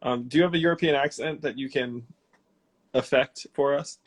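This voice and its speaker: A man in his forties chats on a live video stream from his house. He rambles casually, starting sentences over and filling gaps with ums. His voice sits at an ordinary, middle pitch. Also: moderate pace. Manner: relaxed, rambling, many fillers and restarts. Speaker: host of an Instagram live Q&A. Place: his home.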